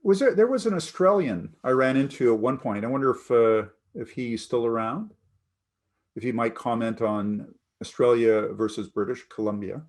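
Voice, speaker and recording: A man's voice: medium pitch, moderate pace, darkish tone. A man from Canada giving an online class lecture on a video call, chatty and self-deprecating. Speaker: instructor.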